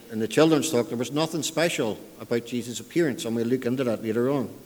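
Preacher, chatty sermon, middle pitch, big echo in the church. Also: male voice, darkish tone. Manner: conversational, repeats words, dialect grammar.

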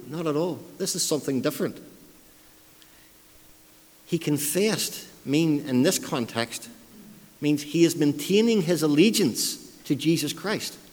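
A man preaching a sermon, emphatic and repeating key phrases for stress, with self-deprecating asides. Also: a little high. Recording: long hall reverb.

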